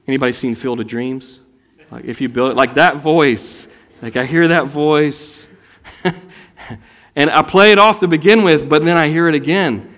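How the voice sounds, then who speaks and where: Nc pastor preaching in a church, kinda high voice, long echo off the hall. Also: male voice, normal speed. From North Carolina. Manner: animated storytelling, rising loud for emphasis and dropping soft. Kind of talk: sermon. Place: church sanctuary.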